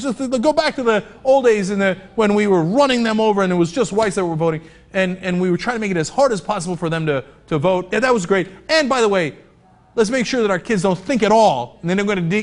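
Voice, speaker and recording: A sarcastic male host mocks politicians in a lively, fairly high voice. He drips scorn as he makes each point. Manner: mocking, sarcastic. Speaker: talk show host.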